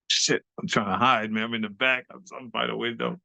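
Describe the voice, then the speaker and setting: An older man with a gravelly, creaky voice spins an animated story as an interview guest, dropping slang and curses. His voice sounds dry and close, with no room around it. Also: mid-range voice, fairly quick, dry recording. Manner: lively, acts out other voices, street slang and cursing. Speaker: interview guest, nightclub dancer.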